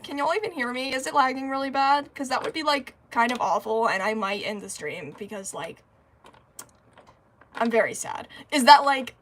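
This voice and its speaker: A woman's voice: high-pitched, moderate pace, a little hiss or hum. A woman chatting casually on a livestream, rambling and giggling, talkative and a bit nervous.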